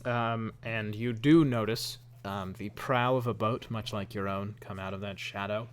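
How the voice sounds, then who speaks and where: A man narrating as game master, relaxed and self-deprecating, with lots of ums. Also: on the low side, measured pace, clean tone.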